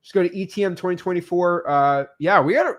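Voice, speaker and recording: A man co-hosting a casual business show, telling lively stories and answering viewer questions. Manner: animated storyteller, quick shifts in pitch.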